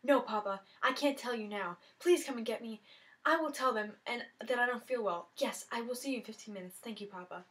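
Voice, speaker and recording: A woman reading aloud and voicing a mysterious new schoolgirl who speaks in a quiet, even, formal way. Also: a little high, brisk, close to an everyday voice. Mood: pleading.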